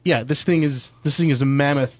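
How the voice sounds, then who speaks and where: A male cohost in a radio studio, mid-pitched and playful, stumbling over his words as he gushes. The sound is close and dry, slightly dull like broadcast radio. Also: brisk, dry recording. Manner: playful, hesitant, full of ums and restarts. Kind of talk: casual studio banter. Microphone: studio microphone.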